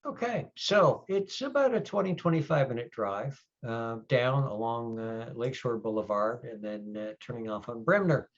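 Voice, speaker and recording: A man as game master describing the scene for a tabletop game, unhurried and filling pauses with "uh". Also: mid-range voice, lively intonation. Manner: unhurried, with many fillers. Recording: dull lo-fi audio.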